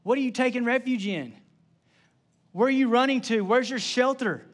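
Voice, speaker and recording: Here a young man delivers his sermon like a relaxed chat, circling back to the same key phrases and slipping in brief side remarks. He's a pastor with a very high-pitched voice.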